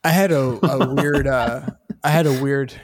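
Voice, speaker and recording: A man, a stand-up comedian, telling stories in casual chat, animated and swearing freely. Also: medium pitch, a little slow. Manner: animated storyteller, swears freely, acts out the people in his stories. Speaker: stand-up comedian, podcast co-host.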